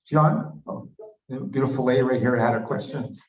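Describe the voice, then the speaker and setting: A man's voice: medium pitch, steady tone, normal speed. A man hosting a book event, passing audience questions to the guest. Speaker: event host. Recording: echoey, dull room sound.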